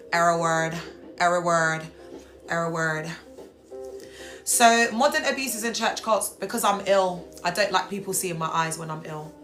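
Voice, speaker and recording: A woman chats straight to her live-stream viewers from a hospital bed, talking casually and sometimes rising into high, excited exclamations. Her tone is bright and forceful, and soft music plays faintly behind her. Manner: chatty, animated, talks straight to viewers. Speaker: livestream host.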